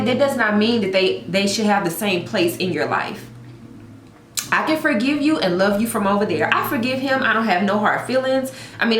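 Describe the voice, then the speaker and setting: A woman with a medium-pitched, slightly bright voice, heard with noticeable reverb, shares a personal story in a heartfelt vlog. She speaks earnestly, sometimes tearful, and encourages her viewers through emphatic repetition.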